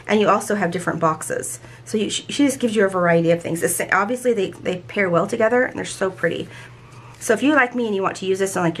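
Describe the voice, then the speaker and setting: A woman with a medium-pitched voice hosts a planner channel, casually and enthusiastically showing off stickers in a show-and-tell haul. She rambles and often restarts her sentences, with slight background noise.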